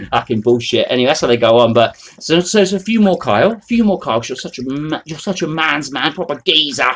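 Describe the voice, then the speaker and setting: A man's voice: on the high side, expressive, fast, hardly any pauses, a bit bright. A man, ranting to camera in a rambling, foul-mouthed, mocking way. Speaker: vlogger. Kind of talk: unscripted rant to camera.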